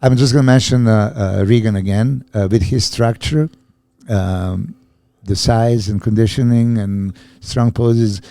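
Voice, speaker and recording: Gravelly low-voiced man, halting chat. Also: steady tone, warm tone, no echo. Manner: halting, many fillers and restarts. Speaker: bodybuilding coach and co-host. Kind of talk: casual podcast chat.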